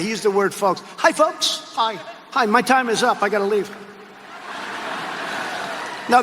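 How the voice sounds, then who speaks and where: A man's voice: extremely high pitch, sharp tone. Older man's rambling rally speech, echoey hall. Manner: rambling, repetitive, mocking asides. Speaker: politician giving a rally speech. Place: large arena or hall. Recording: echoey arena rally clip with faint noise.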